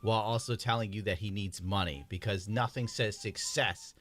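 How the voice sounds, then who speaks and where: A man's voice: lowish voice, normal speed, noisy background. A man narrating a mocking commentary video in a sarcastic, dry tone.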